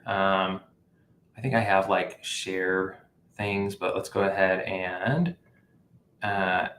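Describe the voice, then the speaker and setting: A man's voice: on the low side, fairly bright tone, reverberant, slight background noise. A man hosting a live app-building stream, thinking aloud with fillers and self-corrections as he works. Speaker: livestream host building an app. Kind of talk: casual live coding walkthrough.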